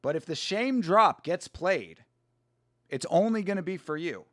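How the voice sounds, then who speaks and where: A young man hosts a live fight watch-along, swearing freely, reacting loudly and calling out viewers in the chat by name. His voice sits a little high. It is recorded dry on a close mic with no room sound. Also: lively intonation, a little slow, no room sound. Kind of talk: casual live-stream chat.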